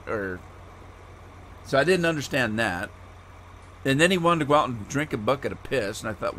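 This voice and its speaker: A man's voice: mid-range voice, expressive, moderate pace, pushed and bright, a little hiss or hum. A middle-aged man from the United States, a live streamer chatting with viewers by name as he plays a farming game, rambling and easygoing. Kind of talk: casual chat while playing a farming game.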